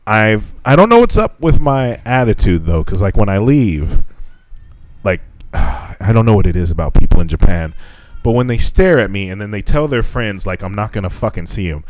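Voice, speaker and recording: Man, podcast co-host, casual chat, lots of swearing, rambling, lowish voice, dry close sound. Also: normal speed, no room sound. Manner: heavy swearing, rambling with restarts; animated, voice jumps high when telling stories. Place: living in Japan.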